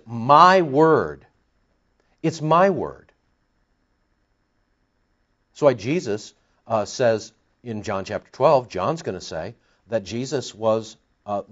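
An older man preaching a sermon in a conversational, animated way, often restarting his sentences. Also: mid-range voice, lo-fi sound. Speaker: pastor.

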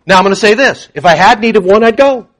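A man preaching a sermon to a congregation, emphatic, swinging between quiet asides and loud proclamation. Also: high voice, expressive, fast talker. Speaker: pastor.

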